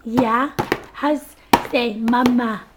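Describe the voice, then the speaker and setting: A woman's voice: fairly high pitch, steady tone, very slow. Sick, scratchy-voiced young mother cooing. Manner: sing-song baby talk, coaxing. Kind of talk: home video chat with a baby. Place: home, at a baby's high chair. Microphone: camcorder microphone.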